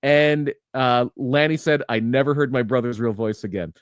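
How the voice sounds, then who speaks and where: On a laid-back wrestling podcast, this male co-host tells rambling stories, restarting often and laughing along. His mid-range voice moves at normal speed, and the studio-quality audio has no echo.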